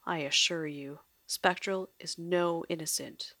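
A woman reading aloud plays a sharp young spy from a storybook. Her voice is urgent and scornful. It sits low with a gravelly texture, in a dry, close sound. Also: steady tone, unhurried, no echo.

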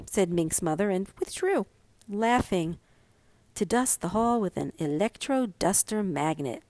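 A woman reading a story aloud as narrator, calm and measured. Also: fairly low pitch, dry recording.

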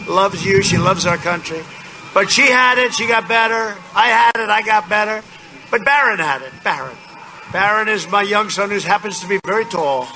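Boastful man at a noisy outdoor rally. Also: high-pitched. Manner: rambling, boastful, repetitive. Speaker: political candidate at a campaign rally. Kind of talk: campaign rally speech. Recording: loud outdoor noise behind.

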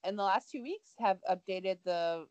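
A woman's voice: medium pitch, moderate pace, a little mellow, smooth, dry recording, highs cut off. A young adult woman co-hosting a podcast in a bubbly, exclaiming casual chat. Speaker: podcast co-host.

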